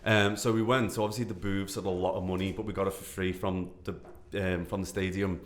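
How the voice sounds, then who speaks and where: A man co-hosting a casual podcast, telling lively anecdotes and acting out what people said. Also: low-pitched, a little fast, roomy sound, a little hiss or hum. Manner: lively anecdotes, animated quoting. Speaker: podcast co-host.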